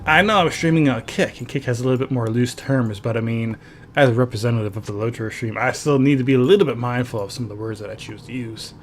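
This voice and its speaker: A man's voice: mid-range voice, quick pace, slight background noise. Chatty man streaming a game. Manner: chatty, reads chat aloud, laughs often. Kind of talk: casual gameplay commentary.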